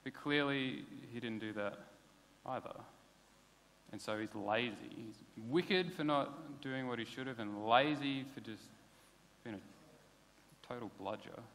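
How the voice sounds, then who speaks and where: A pastor, preaching a sermon in a casual, conversational way. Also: male voice, mid-range voice, unhurried, a bit bright, slight background noise. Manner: conversational, plain-spoken preaching with casual asides. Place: church hall. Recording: long hall reverb.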